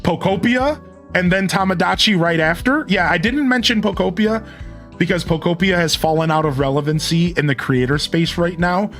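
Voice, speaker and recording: A man with a slightly high voice chats loosely during a live stream, rambling on and answering his viewers as he goes. Soft game music sits faintly behind him. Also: moderate pace. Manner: rambling, chatty, reads out chat messages. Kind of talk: casual live-stream chat.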